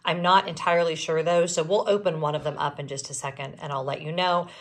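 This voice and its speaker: A woman's voice: deep voice, fairly even intonation, quick pace. Rambling middle-aged Southern woman vlogger. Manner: rambling, self-interrupting. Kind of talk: casual vlog chat.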